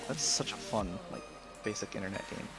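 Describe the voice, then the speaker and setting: A man's voice: fairly low pitch, a little fast. A young man in casual chat on a game stream, rambling and playful. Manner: rambling, playful, trying out accents. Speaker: stream guest. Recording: game music playing behind.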